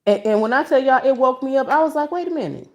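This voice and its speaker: A woman from Michigan hosting a casual livestream from home, talking to viewers on a phone she holds as she walks around, emotional and expressive with a preachy streak. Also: high voice, fast talker. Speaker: livestream host. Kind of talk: casual livestream commentary to a chat. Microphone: phone held in hand.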